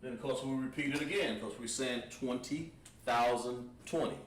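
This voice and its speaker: A man teaching a livestreamed Hebrew language class, slowly drilling words with lots of repetition. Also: mid-range voice. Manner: slow, repetitive, drawn-out pronunciation drills. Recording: roomy echo, distant mic, faint background noise.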